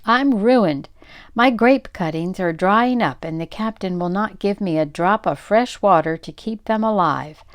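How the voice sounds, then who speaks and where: A woman's voice: mid-range voice, measured pace, no room sound, studio quality, natural voice. An older woman voicing a distraught, exclaiming French immigrant man in a storybook reading. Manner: exclaiming, dramatic.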